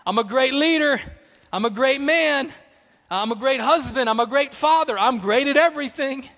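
A man's voice: high voice, moderate pace, fairly bright tone. Boastful biblical king, voiced by a man preaching, swaggering; hall reverb.

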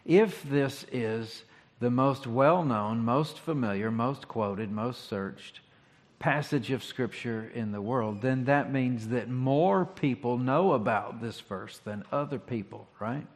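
A pastor giving a sermon, talking in a conversational, reflective way with rhetorical questions. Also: male voice, mid-range voice, slow pace. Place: church sanctuary. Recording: long hall reverb.

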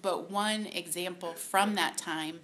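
A woman giving a personal faith testimony to a group, halting and softly emotional, with many pauses and fillers. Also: fairly low pitch, steady tone. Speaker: speaker at a women's ministry talk.

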